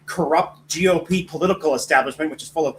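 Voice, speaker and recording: A man's voice: a little high, fast talker, a little hiss or hum, low-quality recording. A man appearing as a guest on a talk show, speaking bluntly and outspokenly and then apologizing for his outbursts. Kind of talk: casual political chat.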